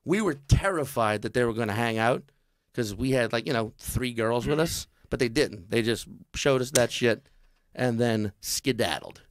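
Man spinning a comic yarn, lively voices for each character, dry close mic. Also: mid-range voice, moderate pace, few pauses, no echo. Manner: animated, acts out voices of people in the story. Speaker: comedian telling a story. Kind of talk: casual storytelling on a comedy podcast.

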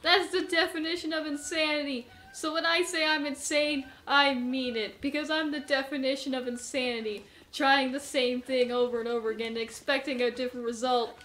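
A young woman with a high, bright voice narrates her own game run as she plays. She is excitable, breaking into panicked shrieks when things go wrong, then drifting into rambling, self-mocking chatter with laughs. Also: fairly quick, hardly any pauses. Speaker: gameplay commentator. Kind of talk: let's play commentary.

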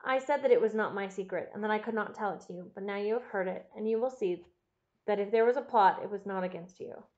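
A woman's voice: mid-range voice, fast, a little mellow, lo-fi sound, close to an everyday voice. A woman voicing a frightened, secretive male butler who pleads with his master, in an audiobook reading. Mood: defiant. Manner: pleading, agitated.

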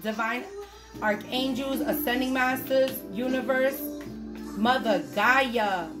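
A woman with a high voice reads spiritual messages to her viewers. She speaks slowly and with emphasis, repeats her points, and sometimes breaks into shouts. Music plays clearly behind her. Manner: emphatic, repetitive, bursts into shouts. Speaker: spiritual reader channeling messages. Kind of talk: energetic spiritual pep talk. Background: music playing.

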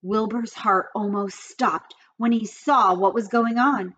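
A woman reading a children's book aloud in an expressive storytelling manner. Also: mid-range voice, slow, few pauses, lo-fi sound. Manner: lively, expressive reading with character voices.

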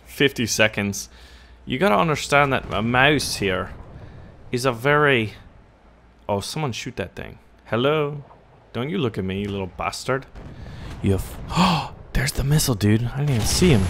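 A man giving casual gameplay commentary on a tank game, excitable and quick to burst into loud cursing. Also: medium pitch, slight background noise.

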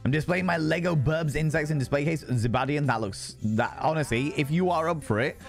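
A man's voice: on the high side, brisk, creaky, soft background music. A young man streaming live, chatting with viewers in a playful, sweary way and greeting them by name. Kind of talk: casual live-stream chat.

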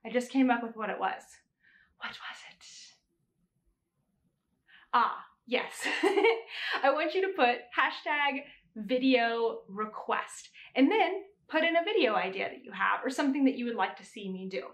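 A woman's voice: on the high side, expressive, normal speed, a bit bright, reverberant. A young adult woman hosting a knitting podcast, chatting casually and laughing now and then as she corrects herself. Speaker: podcast host. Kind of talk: casual chat.

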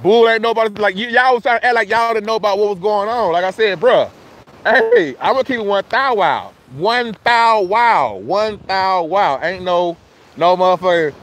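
High-voiced man ranting on a livestream. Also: lively intonation, fairly quick. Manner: loose, profane and argumentative, shouting out viewers by name. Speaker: livestream host. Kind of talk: casual livestream chat. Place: outdoors.

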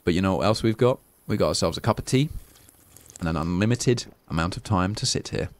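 This young Englishman has a low voice with lively intonation and a brisk pace. He chats casually while streaming a survival game, swearing openly and thanking donors by name as live gameplay commentary.

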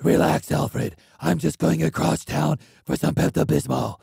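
A man doing a gravel-voiced brooding vigilante. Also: on the high side, a little slow, mellow, no echo, clean studio sound, heavily acted. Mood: grim. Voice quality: gravelly, husky.

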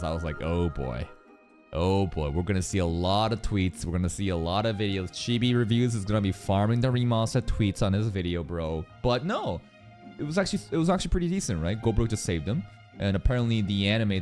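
A young man with a mid-range voice gives casual anime reaction commentary, talking to the screen excitedly and swearing often.

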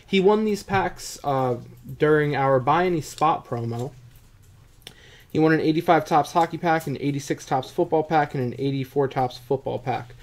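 A man's voice: on the high side, normal speed. A man hosting a live card-breaking stream in casual, self-mocking chat with a dry throat. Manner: joking, self-mocking, chatty.

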